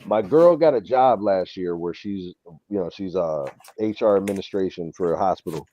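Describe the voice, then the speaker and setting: A man's voice: low voice, normal speed, no echo. A man with a New York accent in a casual chat, telling a story with energy and acting out what other people said. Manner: animated storytelling, acts out quoted people. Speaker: co-host. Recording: dull lo-fi sound.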